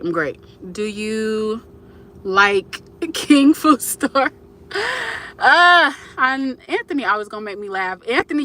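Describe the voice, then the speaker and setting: Bright-voiced young woman chatting live. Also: fairly high pitch. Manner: candid, emotional, chatty with viewers. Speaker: livestream host. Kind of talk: casual livestream chat.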